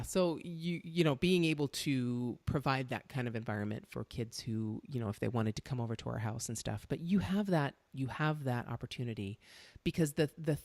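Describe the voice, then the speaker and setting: A middle-aged woman hosting a podcast, telling stories in a chatty, animated way. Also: a bass voice, no echo. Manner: chatty storyteller, animated when excited. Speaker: podcast host. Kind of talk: casual interview chat.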